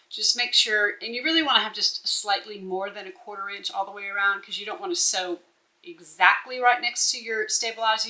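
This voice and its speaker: A woman's voice: medium pitch, bright, forceful tone, poor audio. A woman walking through a bag-making pattern step by step, instructive and checking in with the viewer as she goes. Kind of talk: step-by-step sewing tutorial.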